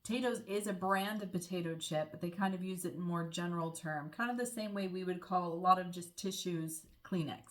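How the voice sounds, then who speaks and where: A woman's voice: on the low side, a little fast, few pauses. A young American woman living abroad, explaining local words in a friendly, chatty vlog with the odd small laugh. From United States. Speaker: vlogger.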